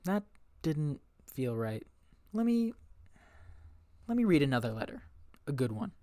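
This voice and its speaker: A man's voice: a little high, sing-song, a little slow, warm tone, a little hiss or hum. A man narrating a scripted survival story in character, playful and chatty as he talks to his dog and reads out fun facts.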